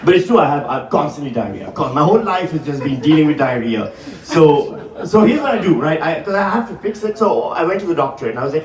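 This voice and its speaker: Before a live crowd in a large hall, a Pakistani comedian in his forties delivers animated, profane stand-up, peppered with quick asides to the audience. His voice is a little high. The recording sounds roomy and distant-miked, and laughter from the audience is heard throughout.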